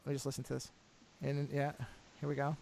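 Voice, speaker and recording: A man's voice: medium pitch, monotone, quick pace, vocal fry, darkish tone, slight background noise. A middle-aged man co-hosting a podcast, chatting casually and rambling with restarts and asides. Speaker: podcast co-host. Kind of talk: casual chat.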